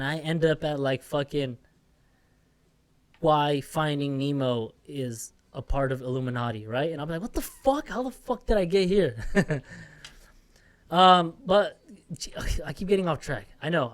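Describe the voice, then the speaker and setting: A young man hosting a solo podcast from an office room, rambling in a casual, profane, self-mocking rant with music playing softly behind him. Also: medium pitch. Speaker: podcast host.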